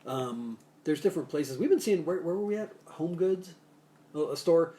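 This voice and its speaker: A man's voice: a little high, expressive, moderate pace, mellow. Rambling, jokey male cocktail-show host. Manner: rambling and jokey, with many restarts and asides. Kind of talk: casual live-stream chat with bartending tips. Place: Salt Lake City area.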